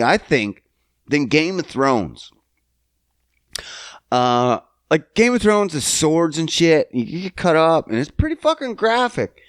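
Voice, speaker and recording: A young man hosting a podcast, talking casually and profanely, getting loud and worked up as he rants. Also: fairly high pitch, dry recording, studio quality. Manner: profane, animated, swings loud when worked up. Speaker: podcast host. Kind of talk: casual solo podcast rant.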